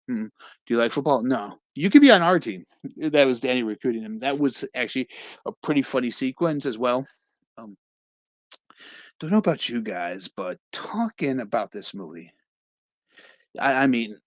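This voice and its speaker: A man's voice: medium pitch, dry recording, muffled recording. A young man casually recapping a comedy film as a review host, rambling and acting out scenes with quoted lines.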